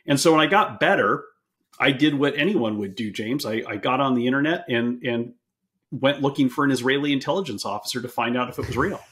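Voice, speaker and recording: A man telling a story as a podcast interview guest, animated, often repeating words as he restarts sentences. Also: medium pitch, brisk.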